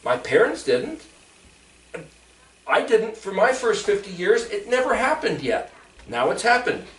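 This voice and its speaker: Animated high-voiced man teaching scripture. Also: unhurried, slight background noise. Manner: rises to high excited pitch on questions. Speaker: Bible teacher. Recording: roomy sound from far off.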